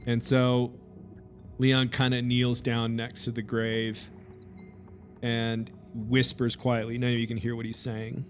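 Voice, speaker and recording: A man's voice: mid-range voice, monotone, measured pace, soft background music. Guy running a tabletop game, loose and hesitant, um-heavy. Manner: casual, hesitant, full of fillers. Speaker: game master.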